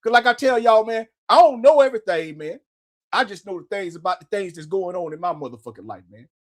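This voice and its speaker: A man's voice: sits high, expressive, brisk. A man hosting his own show, speaking, talking casually and profanely and tagging nearly every phrase with "man". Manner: profane, repetitive, says "man" constantly. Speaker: podcast host. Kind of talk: casual motivational monologue.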